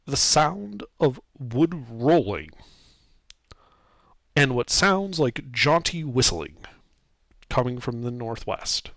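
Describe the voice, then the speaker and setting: A man narrating a tabletop game as game master, describing scenes in a lively, casual way with fillers. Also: mid-range voice, takes it slowly, creaky, pauses often, no echo.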